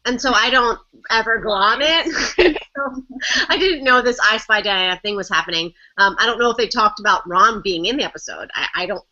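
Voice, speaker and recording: A woman co-hosting a casual fan chat, lively and self-deprecating, laughing often. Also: a little high, moderate pace. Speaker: podcast co-host. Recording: muffled lo-fi audio.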